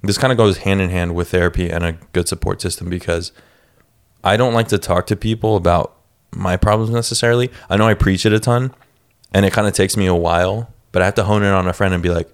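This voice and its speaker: A man's voice: low-pitched, fairly even intonation, fast talker, clean tone. A man in his twenties in casual podcast chat, laid-back, swearing casually and laughing often.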